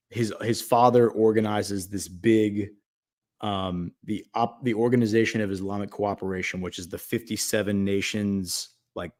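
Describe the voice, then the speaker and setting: Hosting a casual talk show, this man rambles through a long story, leaning heavily on fillers and acting out quotes. His voice is lowish and a little mellow.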